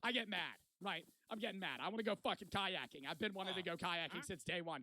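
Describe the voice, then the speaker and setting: A man's voice: high-pitched, quick pace, sharp tone, no echo. A man in his twenties telling a rambling, profane story in casual vlog style. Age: 20s. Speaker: vlogger.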